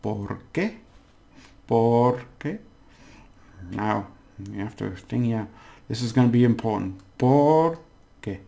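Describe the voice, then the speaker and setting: A man teaching a casual language lesson, patiently breaking down words and slowly overpronouncing the examples. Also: mid-range voice, expressive, gravelly, warm tone.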